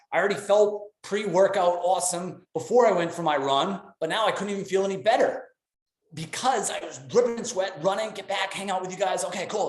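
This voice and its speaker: A middle-aged man speaks with a slightly higher voice than most men and gives an upbeat motivational talk on a live call. He is enthusiastic and animated and slips into quick voices for the quotes he acts out. The room around him is echoey.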